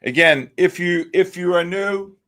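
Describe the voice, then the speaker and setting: A man's voice: sits high, measured pace, fairly bright tone. Brash New man hosting live. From the Bronx, New York. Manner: brash, joking, calls out viewers by name. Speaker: livestream trading host. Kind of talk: live trading stream chat.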